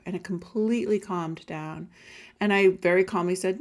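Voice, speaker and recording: A woman speaks in a low, slightly gravelly voice as she pitches her guided audios. She talks in a casual, emphatic way and slips into quick acted-out voices when she quotes someone. She sounds like a coach addressing clients directly. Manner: conversational and emphatic, briefly acting out quoted voices. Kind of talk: spoken sales pitch with a personal story.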